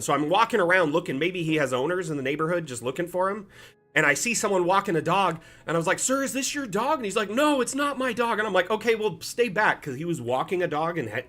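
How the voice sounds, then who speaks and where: A man hosting a live stream, telling a casual story in an animated, rambling way and often correcting himself mid-sentence. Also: fairly high pitch. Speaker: community manager streamer. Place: home, Las Vegas.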